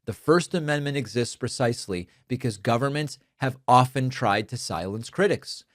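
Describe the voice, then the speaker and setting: A man who grew up speaking Spanish, hosting a political commentary show and talking in an earnest, emphatic, measured way into a studio microphone. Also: medium pitch, no room sound. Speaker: show host. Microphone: studio dynamic microphone.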